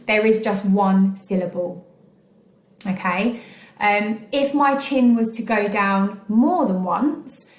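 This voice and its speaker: An English woman teaches a recorded children's lesson in a patient, encouraging way, dotted with ums and okays. Her voice sits at a middle pitch. The room around her is echoey. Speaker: primary school teacher. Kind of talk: recorded online phonics lesson.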